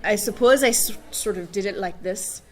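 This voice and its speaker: A woman's voice: medium pitch, normal speed. A woman voice actress chatting casually on a convention panel, self-deprecating and prone to restarts.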